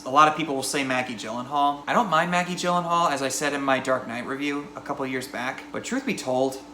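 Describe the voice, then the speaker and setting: A man with a bright, forward voice reviewing a film in a chatty, offhand way. He jumps into quick impressions of characters as he goes. The room is echoey, and a faint hiss sits underneath. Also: mid-range voice. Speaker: movie reviewer.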